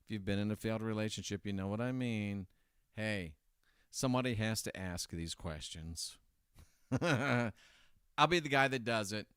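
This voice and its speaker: A man's voice: on the low side, unhurried, a bit bright, clear, resonant tone, dry recording, clean studio sound. A man hosting a casual commentary monologue, sarcastic and rambling with self-correcting asides. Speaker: host.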